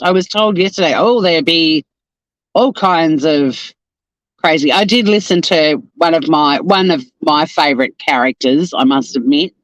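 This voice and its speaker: High-voiced chatty Australian man. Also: normal speed, fairly bright tone, dry recording, lo-fi sound. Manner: chatty, greets viewers by name, swears casually. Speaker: lawyer and live-stream host. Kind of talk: casual live-stream chat. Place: in a car, driving to work.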